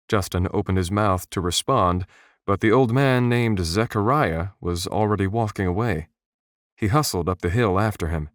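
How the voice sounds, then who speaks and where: A man reads a fantasy audiobook in a steady, measured way. His voice sits fairly low and is recorded close, with no room sound at all. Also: no room sound. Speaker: audiobook narrator. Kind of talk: scripted narration. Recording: dry, close studio voice.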